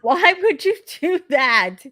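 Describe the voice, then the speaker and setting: A woman's voice: high-pitched, very animated, slow pace, pushed and bright, no echo, studio quality. A woman in a casual chat, teasing and playful.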